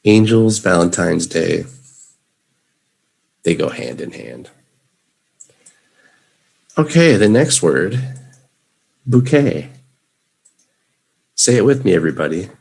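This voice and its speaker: A man's voice: sits low, sing-song, takes it slowly, creaky, pauses often, darkish tone, husky. A man from Chicago with a Chicago accent, teaching English vocabulary in a live lesson and having students repeat words after him. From Chicago, United States.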